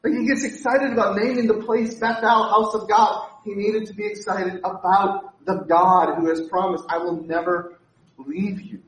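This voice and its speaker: A male pastor preaching a lively sermon, full of joking asides and repeated words. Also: high voice, moderate pace, few pauses, far from the mic. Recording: echoey room, speaker away from mic.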